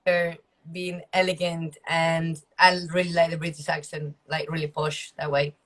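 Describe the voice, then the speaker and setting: A woman's voice: low voice, flat delivery, normal speed. A woman being interviewed, answering candidly and laughing often. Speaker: guest, dancer and magician. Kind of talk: casual interview chat.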